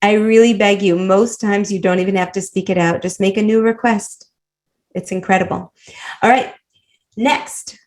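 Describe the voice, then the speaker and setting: Woman coach teaching a class online over a video call, lively, laughs a lot, pep-talk vibe. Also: medium pitch. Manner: warm, animated, laughs often, coaching tone. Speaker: women's life coach and teacher.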